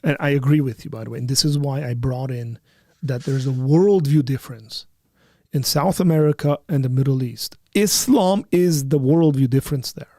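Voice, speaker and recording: A man's voice: mid-range voice, normal speed, dark tone, no echo, clean studio sound. A man co-hosting a live commentary stream, chatting casually and backing his partner with emphatic agreement. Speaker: co-host.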